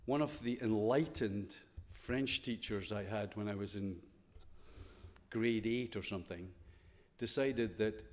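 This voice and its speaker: A man's voice: lowish voice, measured pace, long reverb tail. A Scottish man giving a playful, conversational chapel talk to students, full of rhetorical questions. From Scotland. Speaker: school chapel speaker. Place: school chapel.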